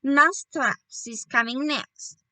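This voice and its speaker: A woman's voice: sits high, lively intonation, a little slow, bright, forceful tone, no room sound, heavily acted, rough recording. A woman voicing a gloating witch queen with broken grammar. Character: fierce ancient female witch leader, gloating.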